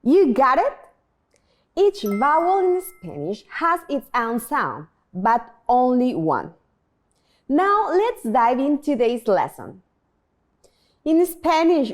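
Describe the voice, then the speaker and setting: A woman teaching a beginner language lesson, slowly modeling sounds and asking learners to repeat after her. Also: high voice, sing-song. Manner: slow, clear modeling of pronunciation, prompting repetition.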